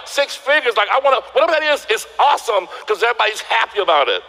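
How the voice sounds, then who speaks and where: A man speaks to a seminar crowd in a very high, bright voice. He tells his stories with animation, acting out the people in them and raising his voice to loud exclamations. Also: quick pace, few pauses, slight background noise, poor audio. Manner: animated storytelling, acting out quotes. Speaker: motivational speaker. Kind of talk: motivational seminar speech.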